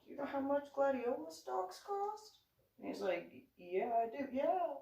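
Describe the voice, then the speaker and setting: A woman vlogger telling a story in a casual monologue, indignant and animated, acting out the dialogue. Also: sits high, a little slow, vocal fry. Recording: roomy echo, voice far from the mic.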